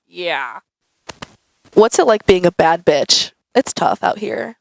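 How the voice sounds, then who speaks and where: A woman's voice: lowish voice, a little slow, no room sound, poor audio. A young woman answering viewer questions in a casual, chatty vlog, saying "like" a lot. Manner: chatty, says "like" often, animated. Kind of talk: casual Q&A chat. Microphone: camera mic.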